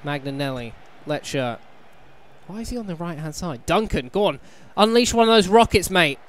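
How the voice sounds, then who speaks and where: Excitable young man commentating his game. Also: mid-range voice, a little hiss or hum. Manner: chatty, bursts into excited shouting at the players. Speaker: gaming channel host. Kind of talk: casual let's-play commentary.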